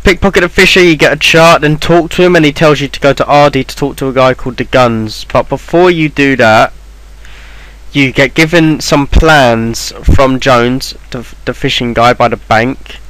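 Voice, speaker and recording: Speaking at a normal pace, a man with a medium, somewhat bright voice gives a loose, meandering game walkthrough voice-over, often saying um and starting over. He makes game guides, and the audio has no room sound but is rough.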